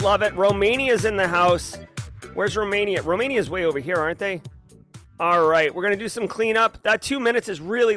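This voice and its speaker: A man hosting a live show, giving playful, rapid shout-outs to viewers. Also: high voice. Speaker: livestream host.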